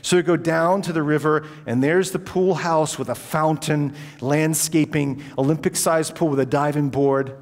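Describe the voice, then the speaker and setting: A man telling a personal story in a talk, animated and acting out the dialogue, in a reverberant hall. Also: a little high, moderate pace, few pauses. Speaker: speaker.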